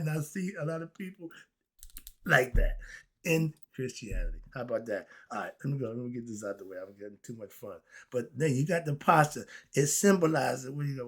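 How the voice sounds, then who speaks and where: A man hosting an animated spiritual commentary, excitably asking rhetorical questions and answering them himself. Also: fairly high pitch, creaky, husky. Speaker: host.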